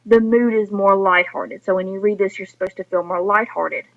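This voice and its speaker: A woman's voice: medium pitch, steady tone, normal speed, hardly any pauses. A woman teacher giving a recorded lesson to her students, explaining patiently and speaking to them directly. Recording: dull lo-fi recording.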